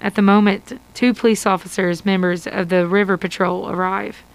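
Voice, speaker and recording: A woman's voice: mid-range voice, moderate pace, rough recording. A woman narrating an interactive adventure story for radio, reading steadily. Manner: steady read-aloud storytelling.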